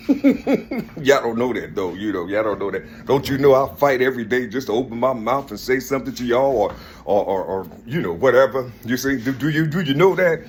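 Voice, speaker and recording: A man's voice: medium pitch, very animated, a little fast, a little hiss or hum. A man talking in a rambling, casual monologue, laughing often and repeating "listen" and "you see" as he addresses an unseen listener.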